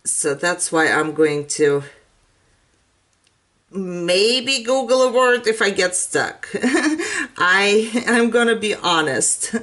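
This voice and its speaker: A woman whose first language is not English talks through a craft tutorial at an unhurried pace. She chats casually and laughs often as she works. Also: mid-range voice, sing-song, fairly bright tone. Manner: chatty and self-deprecating, laughs often. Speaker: craft channel host.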